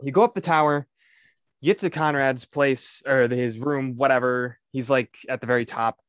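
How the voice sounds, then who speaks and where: Young male podcast co-host, lively storyteller who swears freely, dry and slightly dull recording. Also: mid-range voice, moderate pace, clear, resonant tone, no room sound. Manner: animated storytelling, swears a lot, acts out quotes. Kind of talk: casual chat.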